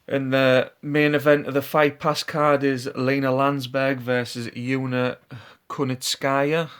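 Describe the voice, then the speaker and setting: A man's voice: mid-range voice, little pitch movement, takes it slowly, fairly bright tone, clear, resonant tone. A man vlogging his fight predictions in a casual, unscripted way, laid-back and hesitant, often trailing off and restarting. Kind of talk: casual talk to camera.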